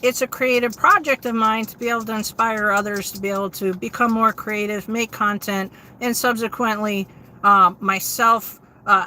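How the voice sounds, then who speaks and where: A middle-aged woman hosts a casual live stream and catches viewers up as they arrive. Her voice sits a little high and rings bright. Faint background noise runs under her chatty talk. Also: low-quality recording. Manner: chatty, explains while greeting viewers. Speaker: livestream host.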